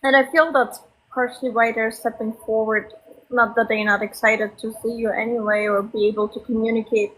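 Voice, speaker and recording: A woman psychic medium giving a live reading to a sitter, speaking softly and reassuringly with frequent ums. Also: on the high side, little pitch movement, brisk, rough recording.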